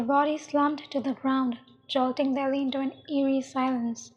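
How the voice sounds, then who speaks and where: A woman calmly narrating a dark adult story in a measured way. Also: sits high. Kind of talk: reading dark fiction aloud. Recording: dull, long echoing reverb.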